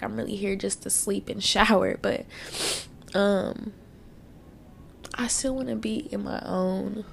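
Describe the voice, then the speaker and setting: A young woman talks through tears, sniffling as she vents bluntly and swears freely. Her voice sits at an ordinary middle pitch with a strong gravelly fry. A faint low rumble runs underneath. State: tearful, sniffling. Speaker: podcast host. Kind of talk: casual personal monologue.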